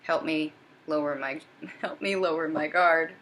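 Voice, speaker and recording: A woman's voice: low-pitched, fairly even intonation, measured pace, fairly bright tone. A woman voicing a pleading, anxious man. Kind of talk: channeled first-person voicing in a reading.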